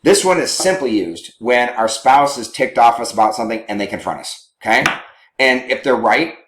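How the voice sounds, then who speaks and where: A man teaching as a marriage counselor, animated and chuckling, often acting out quoted lines. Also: medium pitch, normal speed, a little hiss or hum. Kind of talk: teaching talk to couples. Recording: roomy echo.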